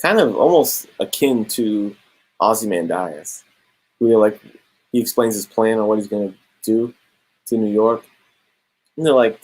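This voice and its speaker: Laid-back husky man reviewing comics. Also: fairly low pitch, animated, measured pace, pauses often, darkish tone, rough recording. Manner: laid-back slangy, drops "bro" and "straight up".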